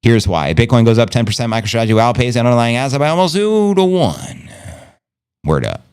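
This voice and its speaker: A man's voice: mid-range voice, very animated, brisk, darkish tone, clear, resonant tone. A man hosting a casual livestream, talking in a brash, playful way with plenty of swearing and his own made-up slang. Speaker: livestream host. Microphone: streaming setup.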